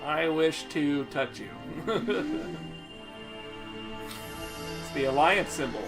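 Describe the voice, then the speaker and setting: A man's voice: on the high side, expressive, extremely slow. Laughing man joking through a game. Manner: joking, laughs often, crude humor. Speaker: streamer playing a video game. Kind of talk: casual let's-play commentary. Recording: live stream with game music behind.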